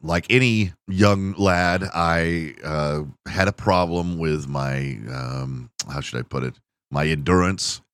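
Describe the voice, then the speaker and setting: A man's voice: low voice, takes it slowly, a bit bright, clean tone, no room sound, studio quality. A man hosting a podcast, telling crude, self-mocking stories in a casual monologue. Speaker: podcast host.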